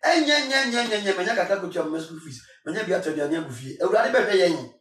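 A high-voiced man with a Ghanaian accent makes an emphatic, preacherly appeal, mixing Twi and English and hammering his points through repetition. He is a singer speaking rather than singing. He sounds set back from the mic, in a room with a strong echo. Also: animated, racing, recorded from a distance. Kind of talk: impassioned spoken appeal.

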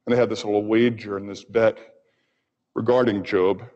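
Male doctor lecturing in an echoing hall. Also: fairly low pitch. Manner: expressive, pausing for effect. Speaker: physician lecturer. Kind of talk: lecture with storytelling. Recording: dull audio with long hall reverb.

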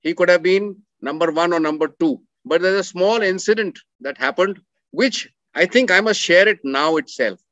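A middle-aged man tells a story in an earnest, emphatic way and repeats his words for weight. His voice sits high for a man. The sound is dry and a little dull. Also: moderate pace, a bit bright, no echo. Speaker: speaker telling a coursemate's story. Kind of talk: storytelling talk with slides.

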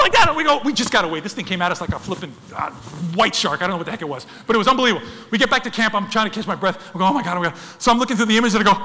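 A high-voiced American man with a sharp tone gives a lively wildlife photography talk to an audience. He calls them folks, tells dramatic stories, and acts out sounds and voices. The recording carries a long hall reverb.

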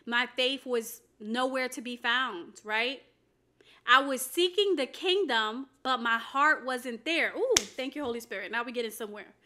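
A woman's voice: a little high, measured pace, bright, forceful tone. A woman, a faith coach, giving a fervent personal testimony sermon to her camera, with emphatic repetition.

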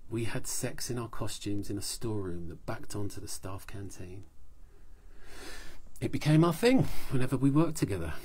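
A man's voice: on the low side, expressive, moderate pace, a little mellow, husky. A man reading his own comic short story aloud in a wry first-person narration.

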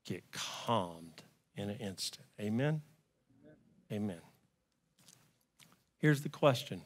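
A man preaching a sermon as pastor, telling stories and rising to loud pleading cries. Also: fairly low pitch, animated, slow. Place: church.

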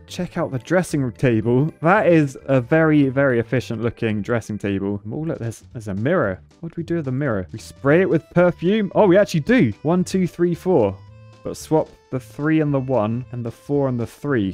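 A young man chatting excitedly as he thinks aloud through a puzzle game. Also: medium pitch. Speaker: gaming YouTuber. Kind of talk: casual let's-play commentary.

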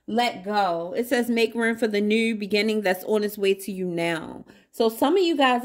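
A woman's voice: mid-range voice, animated, normal speed, few pauses. A woman giving a casual tarot reading to her viewers, chatty and playful, calling them baby and y'all. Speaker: tarot reader.

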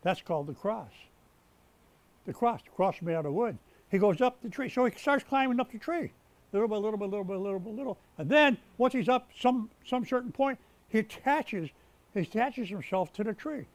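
In a rescue mission chapel, an American pastor with a high-pitched voice and lively intonation delivers a sermon a little fast, with no room sound on the recording. He restarts sentences mid-thought and stresses words, repeating them as his emphasis rises.

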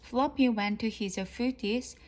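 Slow, careful woman reading a storybook. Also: on the high side, darkish tone. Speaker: reader. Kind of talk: slow storybook read-aloud practice.

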